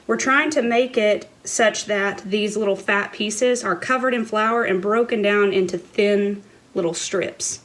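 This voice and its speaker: A woman's voice: mid-range voice, poor audio. A woman giving a cooking tutorial in her home kitchen, with playful, self-mocking asides. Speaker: cooking vlogger.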